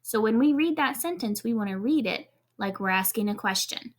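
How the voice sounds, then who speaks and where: A woman teaching kindergarten in a video lesson, encouraging and clear, spelling out letters one at a time for young children. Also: on the high side, lively intonation, moderate pace.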